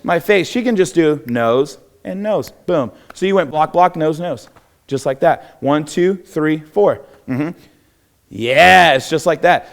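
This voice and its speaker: Young Texan man, martial arts instructor running a live class, cheerful and encouraging, voice a bit high. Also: lively intonation, slow pace. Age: young adult. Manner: upbeat, encouraging, laughs often. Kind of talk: live self-defense class. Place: church hall.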